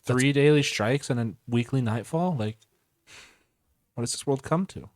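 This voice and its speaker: A man's voice: mid-range voice, normal speed, dry recording. A man co-hosting a podcast in casual chat, joking and laughing often. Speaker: podcast co-host.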